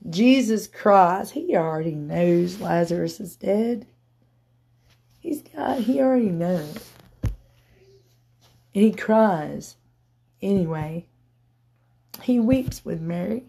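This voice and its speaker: A woman preaching a sermon, telling a Bible story and building to loud, emphatic peaks. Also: lowish voice, expressive, takes it slowly, creaky, pauses often.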